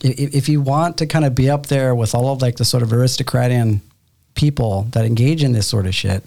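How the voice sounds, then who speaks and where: A man's voice: medium pitch, brisk, vocal fry, warm tone. A man co-hosting a podcast in loose, rambling casual chat, swearing now and then. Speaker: podcast co-host.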